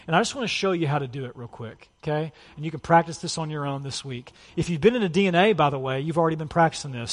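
A man in his thirties preaching a sermon in a casual, conversational way, full of "like" and "you know". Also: a little high. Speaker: pastor. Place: church sanctuary. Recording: long church hall reverb.

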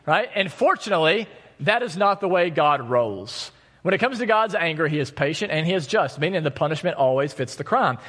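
A man's voice: a little high, fairly bright tone. A man in his thirties preaching a sermon as pastor, talking conversationally and telling stories with self-deprecating humor. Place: church sanctuary. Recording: long reverb of a church hall.

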